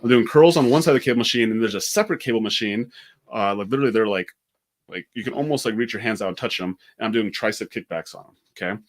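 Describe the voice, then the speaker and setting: A man speaking in a somewhat low voice tells a story at a rapid clip during a relaxed podcast chat. He talks in an animated way and keeps slipping in fillers and restarts. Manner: fast, animated, many "like" fillers. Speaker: podcast co-host.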